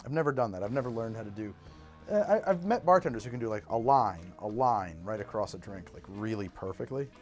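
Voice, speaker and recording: A man with a lowish voice talks quickly while hosting a cocktail show, chatting casually as he mixes and tastes drinks. He rambles animatedly, trailing off and starting sentences over, with faint music in the background.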